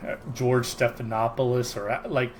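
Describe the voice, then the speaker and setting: A man's voice: medium pitch, level tone, moderate pace, a little hiss or hum. Rambling male podcast co-host. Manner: rambling, restarts sentences. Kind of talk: casual chat.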